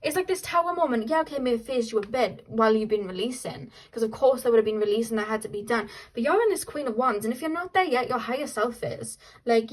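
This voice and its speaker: A woman's voice: a little high, fast, poor audio. A young woman doing a casual tarot reading, chatty and upbeat, often trailing off and restarting. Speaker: tarot reader.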